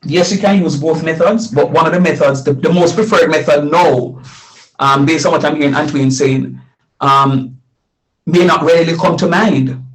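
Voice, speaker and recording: Higher-voiced man teaching a math class. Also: normal speed, low-quality recording. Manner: repeats phrases and quizzes students. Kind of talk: live math lesson.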